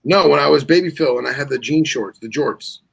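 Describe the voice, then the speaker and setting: A podcast co-host tells animal stories in a casual chat, acting out the quotes as he goes. His mid-range voice is gravelly and husky, and he talks fairly quickly.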